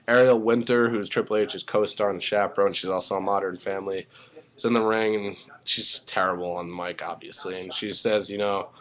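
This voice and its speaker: A man with a fairly low voice runs through a wrestling show recap in a loose, rambling way. He stumbles through restarts and fillers and curses freely. He gets openly worked up as he talks. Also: a little fast. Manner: rambling, excitable, swears freely. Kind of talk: casual spoken recap.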